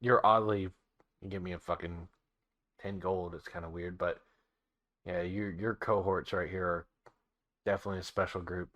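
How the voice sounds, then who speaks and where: A man's voice: moderate pace, pauses often, dull audio. Man playing a scornful captive woman. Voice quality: low, flat, muttered. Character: irritated captive young woman, cold and scornful.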